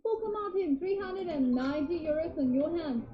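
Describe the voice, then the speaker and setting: A woman's voice: extremely high pitch, animated, normal speed, a crowd in the background. A woman hosting a live game show, announcing results upbeat and greeting players by name. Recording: roomy, dull studio sound with music. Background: music.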